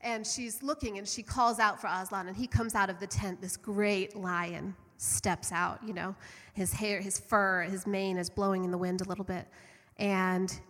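Middle-aged woman, earnest storytelling sermon, mid-pitched, long hall reverb. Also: steady tone, moderate pace, fairly bright tone. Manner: earnest, fervent, conversational. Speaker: church speaker.

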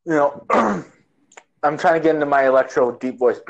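A man's voice: fairly high pitch, expressive, normal speed, creaky. A man co-hosting a casual movie-review chat, rambling and sarcastic, with many restarts. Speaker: podcast co-host, movie reviewer.

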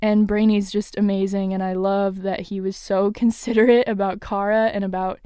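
A woman's voice: mid-range voice, level tone, moderate pace, mellow, smooth, no room sound, studio quality. Gushing young woman recapping a show. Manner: gushing, laughs often, many fillers. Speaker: TV episode recap host. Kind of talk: casual solo recap chat.

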